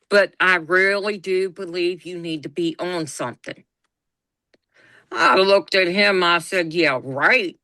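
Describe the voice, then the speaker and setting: Recounting a story from her own life on a podcast she co-hosts, a middle-aged woman animatedly performs the dialogue she quotes. Her voice is mid-range and the recording has no echo.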